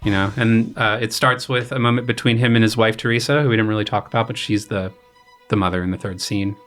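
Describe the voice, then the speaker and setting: A fast-talking young man with a lowish voice describes his opera over soft background music. He's a graduate student composer chatting casually on a podcast, relaxed and heavy on fillers and paraphrased quotes.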